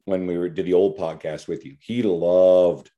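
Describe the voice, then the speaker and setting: A man's voice: sits low, steady tone, normal speed, muffled recording. A man hosting a podcast, talking bluntly and animatedly about coaching, swearing freely. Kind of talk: casual podcast conversation.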